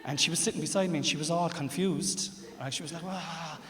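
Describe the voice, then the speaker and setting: Irish stand-up comic in an echoing theatre. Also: male voice, fairly high pitch, fast, very noisy. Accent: Irish, Cork. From Ireland. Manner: confiding, building to loud punchlines. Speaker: stand-up comedian. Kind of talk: stand-up storytelling. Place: large theatre stage with audience. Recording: roomy theatre reverb with audience.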